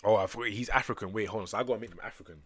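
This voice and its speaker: A young man streaming, reading manga aloud and chatting casually, bursting into loud excited exclamations. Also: fairly low pitch, racing, slightly rough, no echo.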